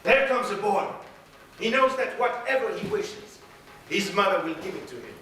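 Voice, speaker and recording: Solo stage storyteller, male, high voice, deliberate repeating cadence; roomy echo, from far. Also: expressive, a bit bright. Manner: slow, rhythmic, repeating phrases. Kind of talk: live solo storytelling performance. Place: large theater stage. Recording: echoey theater from far off, drums. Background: drums and percussion.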